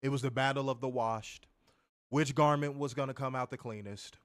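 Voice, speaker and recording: A man's voice: medium pitch, fairly even intonation, normal speed, a bit bright, clear, resonant tone, dry recording, clean studio sound. Exasperated man ranting a wrestling review. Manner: exasperated, profane, sarcastic, addresses listeners as y'all. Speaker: podcast co-host reviewing wrestling.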